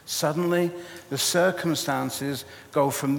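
A man preaching a sermon, telling a personal story with animated, self-mocking humor. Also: medium pitch, slow. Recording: long hall reverb.

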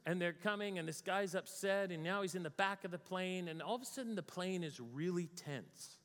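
A man's voice: sits high, moderate pace, fairly bright tone. An American man telling a story about his own travels to a live audience, acting out his panic in a raised voice. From United States. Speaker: speaker. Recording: long reverb of a large hall.

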